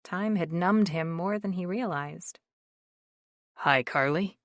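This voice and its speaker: A woman narrating an audiobook in a slow, measured reading. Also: on the low side, darkish tone, dry recording, studio quality.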